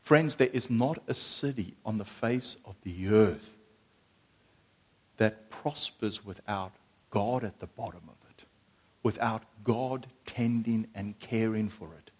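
A man preaches with animated energy, swinging from excited storytelling down to a hushed, earnest tone. He speaks directly to his congregation. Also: lowish voice, takes it slowly, slightly rough. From South Africa. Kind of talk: sermon.

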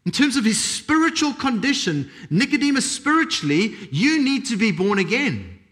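A man preaching a sermon as a pastor, emphatic and repetitive, with dramatic pauses. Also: very high voice, very animated, fairly bright tone.

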